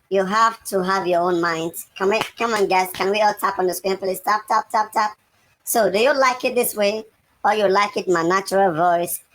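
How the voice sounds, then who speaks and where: A man speaking through a pitch-raising voice changer, chatting playfully with viewers. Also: fairly bright tone, poor audio.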